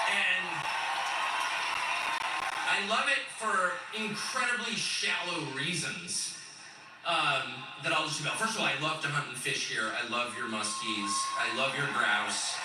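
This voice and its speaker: Californian guy in his 50s doing a wry stage bit, pitch all over the place, sounds far off from the mic. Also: background noise. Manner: sardonic, chuckling, animated storytelling. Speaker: host on a live stage tour. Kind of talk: live stage monologue. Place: large indoor event hall. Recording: roomy echoing hall, distant mic.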